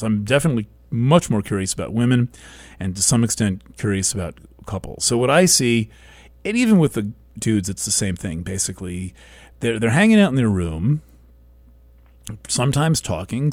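A man with a low voice talks gently and close into a broadcast microphone, musing aloud at his own pace. He stumbles and restarts his words often. The sound is dry and close, with no room around it. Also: no room sound. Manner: soft-spoken, halting with frequent restarts. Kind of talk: reflective monologue.

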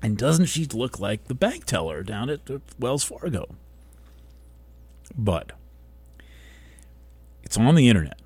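A man speaking a reflective monologue into a broadcast microphone, soft-spoken and gentle, often halting and restarting his words. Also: medium pitch, big pitch swings, breathy edge, dry recording.

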